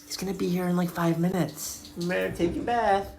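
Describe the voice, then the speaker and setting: A woman's voice: lowish voice, steady tone, moderate pace, vocal fry, background noise. A woman talking to her cat at home in playful, teasing baby talk, giggling often. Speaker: pet owner.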